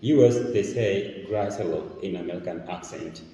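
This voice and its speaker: A man's voice: lowish voice, moderate pace, warm tone, slight background noise. Tanzanian man teaching chemistry in an echoey room. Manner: explanatory, step by step. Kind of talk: classroom demonstration lesson. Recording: echoey room, mic far off.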